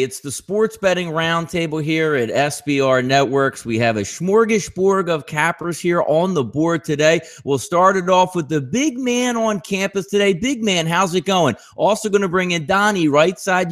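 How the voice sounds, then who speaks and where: A man's voice: on the high side, fairly bright tone, voice pushed up. A man doing a drawling southern host impression.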